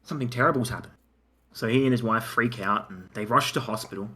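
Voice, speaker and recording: A man's voice: fast, breathy edge. A man telling an improvised comic story as a podcast co-host, narrating scene by scene. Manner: animated, narrating a silly pitch.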